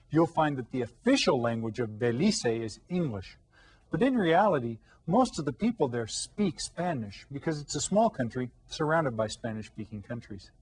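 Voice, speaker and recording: A man teaching an elementary language lesson, patient and encouraging, pausing to ask children questions. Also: a little high, breathy edge.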